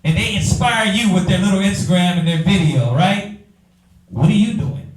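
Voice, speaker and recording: Man, animated class preaching, fairly high voice, echoey room recorded from afar. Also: normal speed, far from the mic. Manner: animated, talks to the room, acts out quoted voices. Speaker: class teacher.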